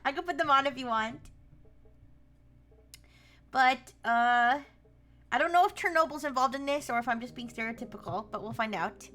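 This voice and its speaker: A woman's voice: high-pitched, normal speed, long pauses, a bit bright. A young woman streaming a game live, chatting casually and laughing often as she greets viewers by name.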